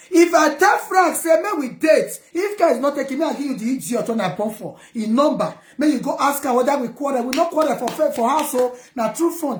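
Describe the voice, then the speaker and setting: A woman's voice: sits high, reverberant. A Nigerian woman speaking Pidgin English, ranting defiantly at her viewers and scolding her critics. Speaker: vlogger. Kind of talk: heated personal rant to viewers.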